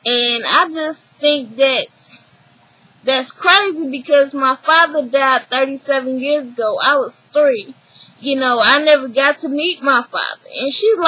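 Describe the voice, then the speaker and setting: Woman, casual vlog recap, animated retelling, bright tone, slow pace. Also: high voice, dry recording, low-quality recording. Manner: animated retelling, acts out others' lines, emphatic. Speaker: reality TV recapper.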